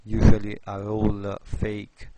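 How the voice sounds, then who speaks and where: A man from Italy with an Italian accent, tutoring on design while thinking aloud, halting with many fillers and restarts. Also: lowish voice, completely flat delivery, heavy background noise. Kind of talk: screen-recorded tutorial.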